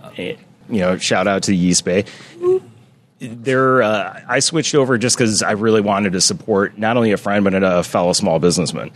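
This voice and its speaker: A man's voice: fairly low pitch, moderate pace. A man talking as a brewer, rambling and correcting himself as he explains his beers at length. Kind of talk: casual podcast chat.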